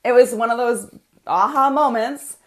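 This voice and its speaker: A woman coach leading a live online training. She talks in an animated way, laughs often and uses frequent filler words. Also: a little high, normal speed. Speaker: business coach teaching a training.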